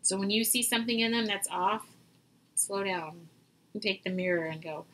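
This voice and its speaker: A woman and mother talking as a guest in a casual interview, animated and quick to act out what people say. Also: medium pitch, slight background noise, low-quality recording. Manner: animated, acts out quoted voices. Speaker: podcast guest.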